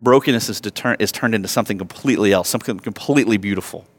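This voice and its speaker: A man in his thirties preaching a sermon as a pastor, conversational and self-mocking, telling stories and rising loud when he acts them out. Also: lowish voice, rapid-fire. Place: church sanctuary. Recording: long hall reverb.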